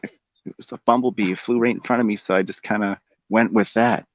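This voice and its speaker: A man's voice: steady tone, a little fast, dry recording. A man in casual conversation, rambling from thought to thought and laughing often. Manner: rambling, meandering, laughs often, breaks into silly high sing-song. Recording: dull, dry lo-fi sound.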